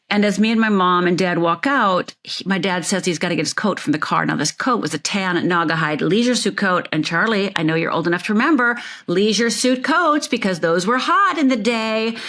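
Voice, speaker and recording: A woman's voice: lowish voice, fairly bright tone. A woman from Upper Michigan telling her life story as an interview guest, vivid and emphatic, repeating phrases for effect.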